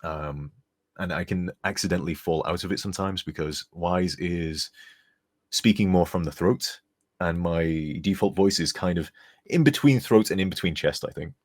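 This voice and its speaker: A man's voice: deep voice, normal speed. A young man chatting casually on a live stream, rambling and reading donor messages aloud. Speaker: streamer and modder.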